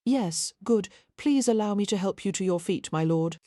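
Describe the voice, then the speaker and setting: Cool-headed young peacemaker, relaxed and polite; a woman reads him. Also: mid-range voice, normal speed, dry recording, clean studio sound, voice pushed up, lightly acted. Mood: calm. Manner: relaxed, reasonable, pleasant. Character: calm agile dark-haired young man.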